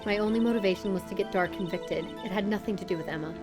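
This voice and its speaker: A cold, reserved chief prosecutor gives measured, stiff answers in a low, guarded tone, as a woman streamer reads her lines. She keeps her voice flat and controlled. It is game dialogue read live. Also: over music, close to an everyday voice. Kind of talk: reading game dialogue aloud.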